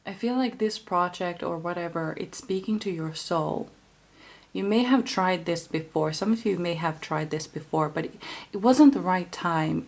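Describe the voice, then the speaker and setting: Woman tarot reader, lowish creaky voice, gentle, hesitant delivery. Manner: gentle, musing, many fillers and restarts. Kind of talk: intuitive tarot reading to camera.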